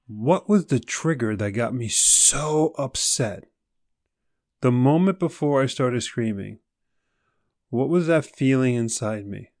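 A man's voice: mid-range voice, a little mellow, dry recording, studio quality. A man speaking straight to the listener in a motivational monologue, asking pointed questions and acting out people's excuses.

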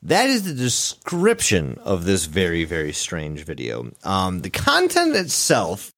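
A man's voice: low-pitched, wildly swooping pitch, unhurried, creaky, a bit bright, dry recording. A man hosting a casual podcast chat, loose and profane, with many filler words. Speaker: podcast host.

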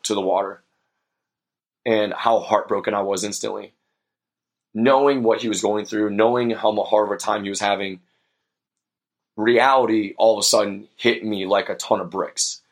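Young male podcast host, slightly low voice, sincere and reflective storyteller. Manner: earnest and reflective, with many fillers. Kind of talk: personal storytelling monologue.

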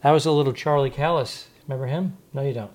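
A man's voice: mid-range voice, fast talker, over a noisy crowd. A man co-hosting a podcast in casual chat, telling stories and laughing often. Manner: animated storyteller, bursts of laughter. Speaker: podcast co-host.

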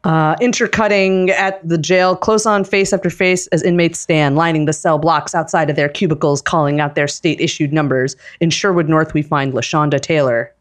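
A woman with a low voice steadily reads scene directions aloud for a live script reading. Her pace is deliberate and even. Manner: steady, deliberate, with occasional laughs. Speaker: narrator reading stage directions.

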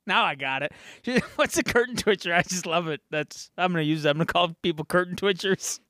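A man's voice: high-pitched, brisk, pushed and bright, no echo, studio quality. A man co-hosting a podcast, recapping a show in playful, jokey chat with many fillers. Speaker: podcast co-host. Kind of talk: casual pop-culture recap chat.

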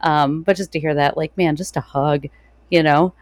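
A woman podcast host responding in a warm, effusive and reflective way. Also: sits low, steady tone, normal speed, no room sound. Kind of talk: conversational interview.

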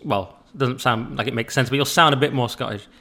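A man's voice: medium pitch, a little fast, creaky, sharp tone. A man hosting a casual podcast interview, teasing his guest with jokey, sarcastic banter. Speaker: podcast host.

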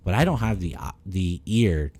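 A man's voice: low-pitched, normal speed, breathy edge, dry recording. A man co-hosting a podcast in casual chat, rambling and swearing freely, getting heated when he rants. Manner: rambling, profane, animated when ranting. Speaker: podcast co-host.

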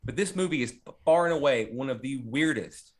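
A man's voice: medium pitch, brisk. A man hosting a podcast, chatting casually about a horror movie in a rambling, profane way with lots of fillers. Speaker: podcast host.

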